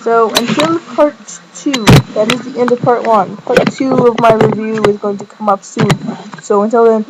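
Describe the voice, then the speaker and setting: A woman's voice: steady tone, normal speed. A woman giving a casual fan recap of a TV episode, chatty and rambling, stringing events together with "and then she's like". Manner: acts out quoted lines with jumps in pitch. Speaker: fan reviewer. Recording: muffled lo-fi home recording with faint hiss.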